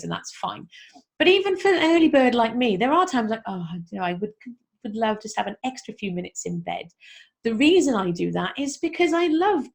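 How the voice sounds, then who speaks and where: Female podcast host, mid-pitched voice with some vocal fry, upbeat and chatty, encouraging self-help tone. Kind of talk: casual motivational talk to listeners.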